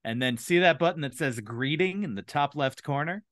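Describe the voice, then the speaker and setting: Man, comedian guest, jokey, instructive, animated pitch, dry sound. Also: moderate pace, dry recording. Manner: jokey, instructive, mock-confident. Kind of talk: casual podcast chat.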